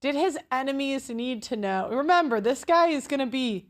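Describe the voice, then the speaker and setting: A woman's voice: sits high, normal speed. A woman hosting a commentary show, reacting to a speech with blunt, crude mockery. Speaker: commentary host.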